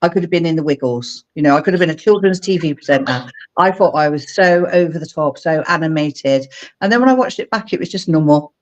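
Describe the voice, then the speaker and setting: A middle-aged woman from England, a guest on a video-call interview, telling animated stories and acting out her own past lines. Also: deep voice, brisk, lo-fi sound. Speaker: guest, speaker mentor. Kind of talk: casual interview chat.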